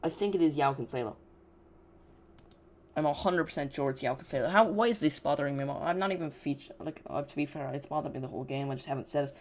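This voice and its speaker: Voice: mid-range voice, quick pace. A host giving rambling, casual live commentary on a football match and chatting directly to viewers. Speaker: football watch-along streamer.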